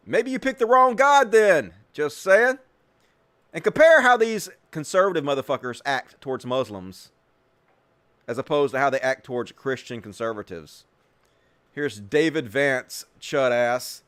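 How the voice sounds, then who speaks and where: A male host giving profane, sarcastic political commentary, swinging between mutters and yells. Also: on the high side, normal speed.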